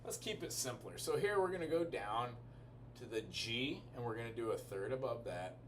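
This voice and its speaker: A man's voice: medium pitch, lively intonation, normal speed, slight background noise. A man giving a casual music lesson, explaining chords and melody as he thinks aloud. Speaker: music teacher. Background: piano music.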